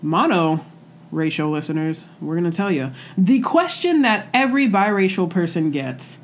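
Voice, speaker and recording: A young adult woman co-hosting a new podcast in casual, chatty conversation, upbeat and quick to laugh. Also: fairly low pitch, animated. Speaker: podcast co-host. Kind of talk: casual chat. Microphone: microphone resting on a pillow.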